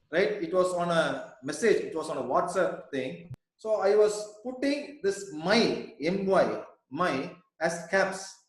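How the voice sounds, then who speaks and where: A man leading a reflective group discussion on an online call, posing probing questions and repeating words for emphasis. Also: sits high. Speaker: mindfulness centre founder leading discussion. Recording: heavy echo on an online call.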